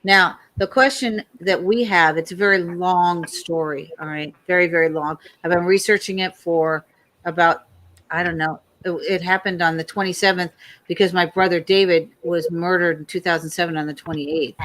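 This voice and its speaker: A woman's voice: lowish voice, normal speed, low-quality recording. A woman hosting a casual online talk show, chatty and storytelling, acting out the people in her stories. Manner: chatty, storytelling, quotes others in lively voices.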